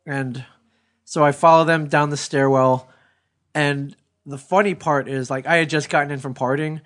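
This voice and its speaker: A man's voice: a little high, fairly even intonation, moderate pace, a bit bright. A man in his thirties co-hosting a podcast, telling a rambling story in casual chat and swearing freely. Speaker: podcast co-host.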